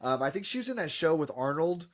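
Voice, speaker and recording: A man's voice: on the high side, sing-song, fast talker. A man co-hosting a podcast, reviewing a film in casual, rambling chat full of fillers.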